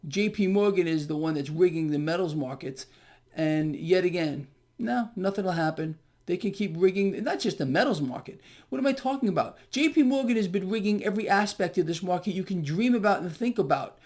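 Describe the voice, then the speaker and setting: A man's voice: high voice, darkish tone. A man hosting a ranting finance commentary, sarcastic and heated, mocking the news he reads out. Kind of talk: ranting monologue to viewers.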